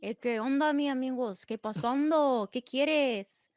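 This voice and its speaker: A woman's voice: on the high side, slow, a bit bright, smooth, no echo, studio quality. A woman voicing a laid-back, tough, street-talking woman in a slangy drawl. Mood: swaggering.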